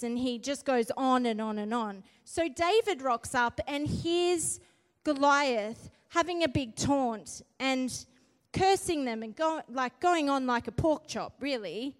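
High-voiced woman preaching in a hall. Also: slow pace. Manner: earnest, builds to fiery emphasis, frequent "right?" tags. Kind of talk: sermon. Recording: long hall reverb.

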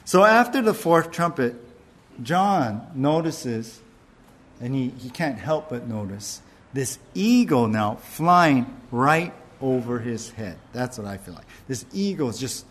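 A man preaching a sermon in a casual, conversational way, slowing down to stress key points. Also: medium pitch, expressive. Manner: conversational preaching with fillers and restarts, slowing for emphasis. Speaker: pastor.

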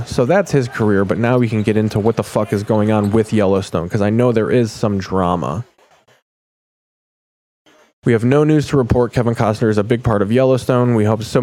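A man's voice: medium pitch, a little mellow, no echo. A man hosting a podcast, chatting loosely and jokingly while flipping through channels, rambling and swearing. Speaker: podcast host. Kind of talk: casual chat while channel surfing.

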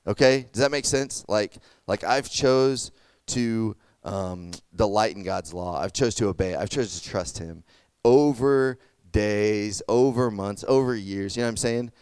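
A man's voice: on the low side, a little slow, darkish tone, clean tone, no room sound. A young man giving a casual sermon, chatty and full of fillers, checking in with "okay?" and "does that make sense?". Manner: conversational, lots of fillers and "okay?" check-ins. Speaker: youth pastor.

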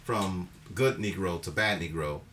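A man co-hosting a film podcast, giving emphatic, animated opinions in casual talk. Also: low voice, a little slow, slight background noise. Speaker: podcast co-host.

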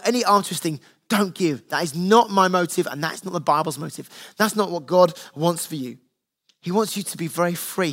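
Earnest high-voiced male pastor. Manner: earnest, conversational preaching with family anecdotes. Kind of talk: sermon.

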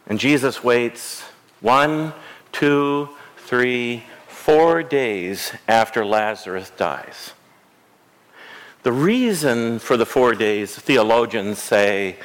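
Slow, storytelling pastor. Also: male voice, mid-range voice, fairly bright tone. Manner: slow, storytelling preaching with dramatic pauses. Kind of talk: sermon. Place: church sanctuary.

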